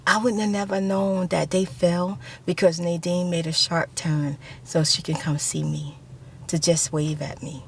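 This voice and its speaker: A middle-aged woman telling a long story in a soft-spoken ASMR style, rambling and repeating herself for emphasis. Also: fairly low pitch, little pitch movement, measured pace, vocal fry, a little hiss or hum. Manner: rambling and repetitive, emphatic retelling; drops to a whisper for quoted speech. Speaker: ASMR channel host.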